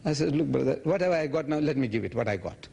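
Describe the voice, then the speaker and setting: A man's voice: on the high side, very fast, vocal fry, a little hiss or hum. A man in his seventies answering audience questions at a public lecture, telling stories and acting out other people's lines. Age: 70s. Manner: animated storytelling, quoting others in raised voice.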